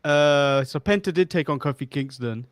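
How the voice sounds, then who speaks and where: A man's voice: on the high side, normal speed, clean tone, no room sound, clean studio sound. A man with an English accent co-hosting a casual wrestling review, recapping news and arguing his points. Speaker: podcast co-host.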